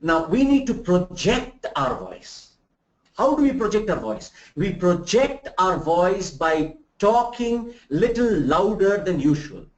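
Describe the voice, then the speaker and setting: Animated male trainer in a roomy room. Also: high-pitched, slow pace. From India. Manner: animated, rhetorical questions, demonstrates examples. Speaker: soft skills trainer. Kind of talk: live remote lecture. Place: room in Bangalore. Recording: roomy, dull lo-fi sound.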